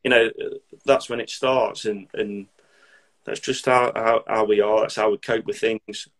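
A man's voice: fairly low pitch, steady tone, measured pace. Blunt army veteran man. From Derby, England. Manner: blunt, swears freely, dark humour. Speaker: military veteran. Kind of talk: casual podcast chat.

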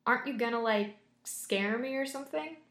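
A woman's voice: a little high, moderate pace, a bit bright, lightly acted. A woman voicing a curious young child talking to a monster from bed at night, asking questions with a slightly raised voice. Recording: roomy echo.

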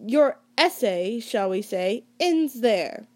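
A woman reading aloud as a sarcastic old male history teacher, drawing out his words with slow mockery. The voice sits fairly high, and the reading is relaxed and plain, with a slip here and there. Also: natural voice. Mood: mocking.

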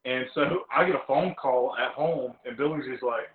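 A man's voice: mid-range voice, moderate pace. Laid-back young guy in a roomy, dull recording. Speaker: podcast co-host. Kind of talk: casual chat.

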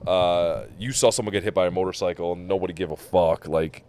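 A man hosts a podcast in a deep, smooth voice, talking fairly quickly as he tells a travel story in casual chat. Animated and profane, he acts out quotes from the people he met along the way.

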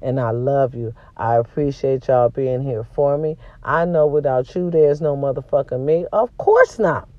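A woman's voice: rumbling low, a little slow, hardly any pauses, no echo, dull audio. A woman hosting a casual vlog, venting to her viewers in a blunt, profane way, with a sore throat from a cold. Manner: blunt and profane, swings between loud and quiet. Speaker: vlog host.

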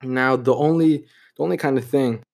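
Brief: young adult man, mid-pitched, reflective personal storytelling, filler-heavy. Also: moderate pace, vocal fry, a little mellow. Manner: reflective, heavy use of "you know" and "like".

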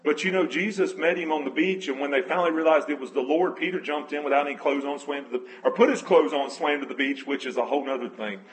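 Earnest higher-voiced male preacher. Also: fast, few pauses, rough recording. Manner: earnest, storytelling, self-correcting as he goes; emotional, moved near tears. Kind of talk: conversational sermon.

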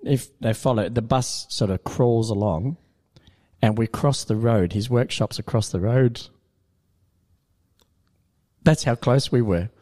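A man telling an animated story in casual studio chat, laughing often. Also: medium pitch, a little slow, pauses often.

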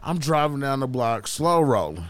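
A man's voice: medium pitch, sing-song, moderate pace, a bit bright. A man as a podcast guest, telling a story casually in loose slang with heavy swearing.

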